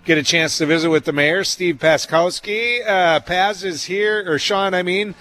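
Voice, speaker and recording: A man's voice: sits high, normal speed, sharp tone, slight background noise. A man hosting a live radio interview, teasing his guests and laughing often. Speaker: radio host.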